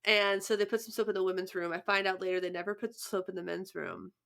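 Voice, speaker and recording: A woman's voice: mid-range voice, fairly even intonation, fast talker, gravelly, a crowd in the background. A young woman co-hosting a podcast, chatting casually, laughing often and restarting her sentences. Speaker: podcast co-host. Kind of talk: casual chat.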